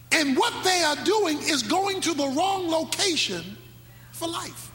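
High bright-voiced preacher in a hall. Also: male voice, expressive. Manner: dramatic preaching, sudden shouts and slow drawn-out phrases. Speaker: pastor. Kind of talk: sermon. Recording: echoey hall with faint music.

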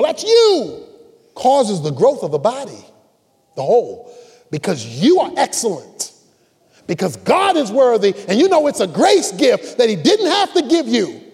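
Male pastor, emphatic repetitive sermon delivery, very lively pitch. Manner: emphatic preaching with repetition and call-and-response. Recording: long reverb of a large hall.

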